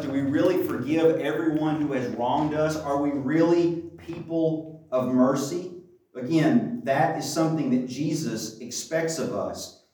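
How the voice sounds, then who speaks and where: A man's voice: mid-range voice, a little mellow. A man preaching a sermon in a church, talking conversationally and asking rhetorical questions. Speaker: pastor. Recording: very echoey, distant mic.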